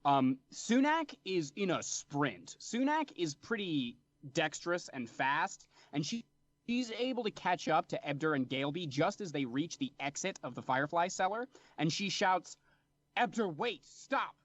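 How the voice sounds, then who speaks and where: A young man narrating as game master of a tabletop fantasy game, in relaxed storytelling. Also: on the high side, normal speed, no echo. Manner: relaxed storytelling with brief voiced characters.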